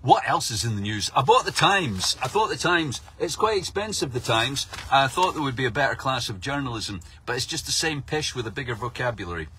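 A man's voice: mid-range voice, sing-song, brisk, few pauses, pushed and bright, slight background noise. A middle-aged man delivering a sweary, sarcastic comic rant about the news. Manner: sarcastic, mocking, swears a lot.

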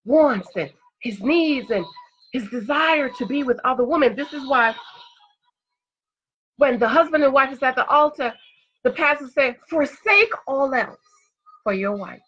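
A woman's voice: a bit bright, slightly rough, highs cut off. A woman giving dating advice in an emphatic, sassy, preachy monologue, hitting her punchlines hard. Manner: emphatic, sassy, repeats a punchline with rising pitch.

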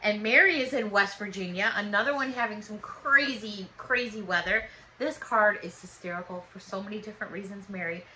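A woman's voice: mid-range voice, brisk, a little hiss or hum, poor audio. A woman in her fifties chatting casually and gratefully as she opens fan mail. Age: 50s. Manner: warm, gushing, chatty and thankful. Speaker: vlogger opening fan mail. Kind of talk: casual chat.

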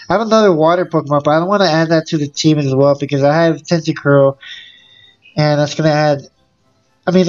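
A gaming YouTuber giving casual let's-play commentary, excitable and full of exclamations and groans. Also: medium pitch, highs cut off.

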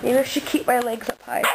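A woman filming her puppy at home and talking to it in a playful, coaxing way, like a casual home video. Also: high-pitched. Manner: playful, coaxing pet talk. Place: living room at home, indoors. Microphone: handheld camera. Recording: noisy amateur home video.

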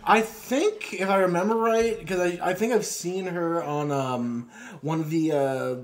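A man's voice: high-pitched, measured pace. A young man co-hosting a casual film commentary, blunt and joking, swearing casually.

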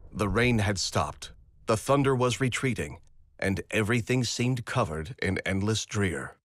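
A man narrating a storybook adventure game aloud in a measured, dramatic way. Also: lowish voice, animated, no echo.

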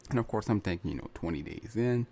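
A man's voice: on the low side, expressive, quick pace, a little mellow, breathy edge. A man hosting his own podcast, talking in a chatty solo monologue full of repeats and asides like "right?" and "you know". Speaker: podcast host.

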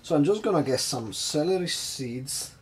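A man's voice: fairly high pitch, animated, moderate pace. Guy making cocktails on his vlog, talky and kinda nervous, voice jumps all over, bit of faint noise behind him. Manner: chatty, hesitant, nervously self-mocking. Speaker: home bartender host.

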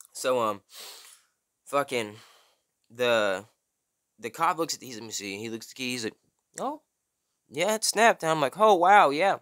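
A young man telling a story casually, full of slang and "bro", loudly acting out the people in it. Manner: slangy, animated, says "bro" often; acts out quotes in high strained voice. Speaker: vlogger.

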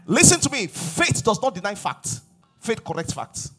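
Male pastor, lively high-pitched sermon delivery. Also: normal speed, breathy edge, soft background music. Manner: animated preaching, swings from loud exhortation to hushed asides.

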